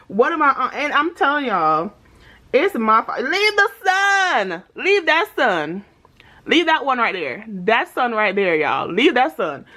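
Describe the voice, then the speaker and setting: A woman vlogging about her budget in a casual, playful chat, telling stories with lots of laughter and slang. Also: fairly high pitch. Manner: animated storytelling with frequent laughter; playful slangy banter with viewers.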